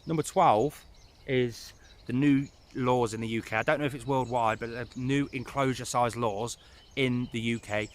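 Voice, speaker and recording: A man of middle pitch talks loosely through a list of tips, losing track of where he is and doubling back. He is recorded outdoors, and his tone stays easy and conversational. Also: fairly even intonation, moderate pace, slight background noise. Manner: rambling, loses his place, chatty asides. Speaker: reptile keeper giving pet advice. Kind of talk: casual advice vlog. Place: outdoors in the rain.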